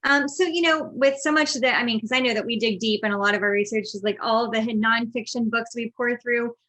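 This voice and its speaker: A woman's voice: a little high, fairly quick, bright, forceful tone. Chatty woman interviewer full of fillers. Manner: chatty, many fillers, friendly questions. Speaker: interviewer host. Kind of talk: conversational interview.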